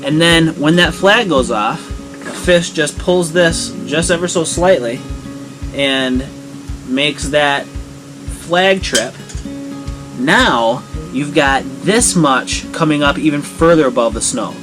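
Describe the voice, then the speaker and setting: Relaxed man explaining gear in a garage. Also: a little high, slow, music in the background, low-quality recording. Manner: relaxed, matter-of-fact explaining. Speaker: fishing show host. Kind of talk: casual outdoor vlog narration.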